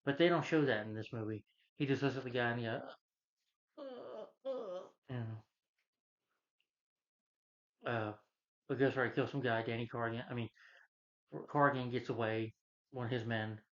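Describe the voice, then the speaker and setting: A man in the middle of a loose, rambling movie review, working through the plot with fillers at every turn. His voice sits at an ordinary middle pitch. The recording has a slightly muffled, lo-fi quality. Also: steady tone, fast talker, fairly bright tone. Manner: loose, meandering retelling with many fillers. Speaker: film reviewer.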